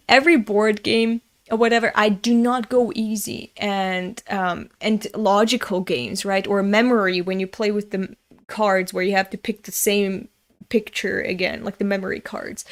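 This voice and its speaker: A woman's voice: medium pitch, steady tone, measured pace. A woman from Europe hosting a manga reading, telling a story in a chatty, self-mocking way with frequent laughter. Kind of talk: casual storytelling and manga commentary.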